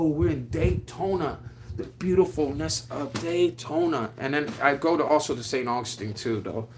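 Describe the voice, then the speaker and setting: A man's voice: a little high, unhurried, slight background noise. Hyped man chatting on a livestream. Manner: excitable, reads viewer comments aloud; drawling slang with frequent restarts. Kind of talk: casual livestream chat.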